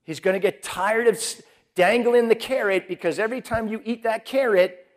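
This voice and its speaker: A man with a notably high-pitched voice delivers a sermon. His talk is chatty and conversational, and he slips into voicing the thoughts of the people he describes. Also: moderate pace. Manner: conversational, acts out quoted inner voices. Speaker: preacher.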